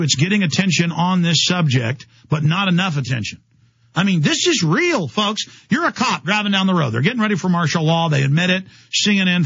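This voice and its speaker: A man's voice: a little high, a bit bright, breathy edge, dry recording, lo-fi sound. A man hosting a talk radio show, delivering an impassioned, ranting monologue straight to his listeners.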